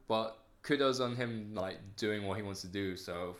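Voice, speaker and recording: A man's voice: on the low side, normal speed, fairly bright tone. A young man in casual conversation about films, rambling, hesitant, with frequent fillers and casual swearing. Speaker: film chat participant. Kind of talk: casual chat.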